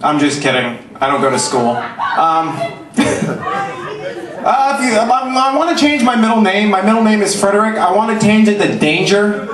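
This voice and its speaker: A man in his twenties doing a stand-up comedy set, self-mocking and punchy, dropping into low asides. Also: animated, normal speed, distant mic, a crowd in the background. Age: 20s. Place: comedy club stage. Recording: echoey club recorded from afar.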